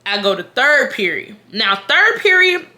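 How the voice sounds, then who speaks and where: A woman's voice: a little high, very animated, a little slow, bright, forceful tone. A young woman telling a story on her vlog. She is blunt and profane, and speaks straight to her viewers. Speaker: vlogger.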